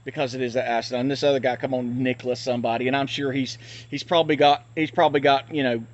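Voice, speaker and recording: A man's voice: mid-range voice, steady tone, fast talker, muffled recording. A man ranting bluntly to his channel, recording on a handheld phone outdoors near traffic. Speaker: channel host.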